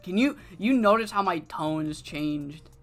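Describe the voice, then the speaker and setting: A woman streaming a wrestling management game, swearing freely and swinging between quiet muttering and frustrated outbursts. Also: lowish voice, expressive, unhurried, faint music behind. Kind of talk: live-streamed gameplay commentary.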